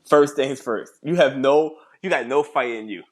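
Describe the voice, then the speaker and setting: A woman co-hosting a podcast, reacting bluntly to a movie with swearing and quick jokes. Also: extremely low pitch, a little mellow. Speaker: podcast co-host. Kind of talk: casual movie chat.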